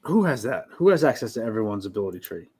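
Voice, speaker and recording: A man talking casually as a tabletop game player, eager and quick to cheer the others' ideas. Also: fairly low pitch, big pitch swings, mellow, husky. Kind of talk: casual chat.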